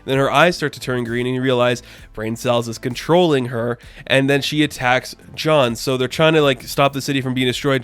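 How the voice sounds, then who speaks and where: A man's voice: medium pitch, fairly bright tone, clean tone. A man giving a casual comic book review, chatty and full of fillers, loosely paraphrasing what the characters say.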